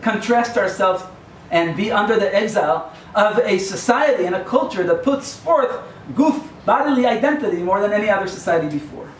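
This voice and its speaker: A man's voice: sits high, expressive, brisk, few pauses. A rabbi giving a sermon in a yeshiva hall, his slightly raised voice wandering through asides and jokes. He stands at a distance from the mic, so the voice rings in the room over a faint hum. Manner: digressive, joking storyteller.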